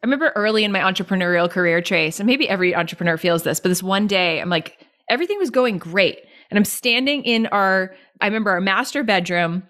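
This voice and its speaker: A woman entrepreneur chatting casually on a podcast, animated and quick to act out other people's words. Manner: animated, acts out quoted voices with high pitch jumps. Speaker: entrepreneur and guest.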